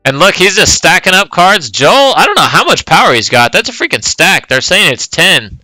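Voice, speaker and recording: Male commentator, casual play-by-play, bright and dry. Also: high-pitched, sing-song, moderate pace, no echo, soft background music, poor audio. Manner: casual, play-by-play calling of moves. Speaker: tournament commentator. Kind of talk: live game commentary.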